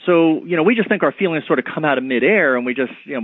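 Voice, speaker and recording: Guy talking fast over a tinny phone line, slightly husky, a bit high, earnest storyteller type. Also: expressive, no echo. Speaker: author and guest. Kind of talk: radio interview.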